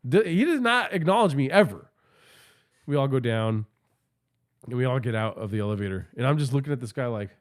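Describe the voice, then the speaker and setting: A man's voice: mid-range voice, big pitch swings, fairly quick, pauses often. A man hosting a podcast, telling a rambling, profane comic story and often asking the listener. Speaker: podcast host. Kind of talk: comedic storytelling monologue.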